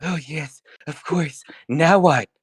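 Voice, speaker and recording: A coy young courtesan-turned-cleric, as a man puts her on with a high, breathy, fluttering voice. The sound is dry and close to the mic, and she belongs to a comic tabletop role-play. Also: takes it slowly, no room sound.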